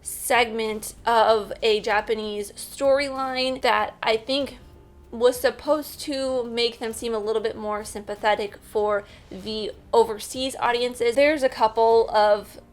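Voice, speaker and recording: A chatty young woman talks straight to camera about a film she didn't enjoy, her voice sitting a little high. She laughs easily, and soft music plays faintly behind her. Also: steady tone, slow. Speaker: movie reviewer. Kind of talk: casual movie review vlog.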